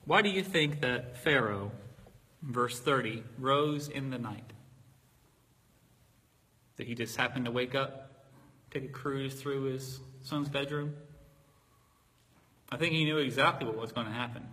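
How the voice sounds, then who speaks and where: Bright, husky man preaching in a hall. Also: medium pitch, animated, a little slow, pauses often. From Virginia. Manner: conversational, jokey storytelling. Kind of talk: sermon with personal stories.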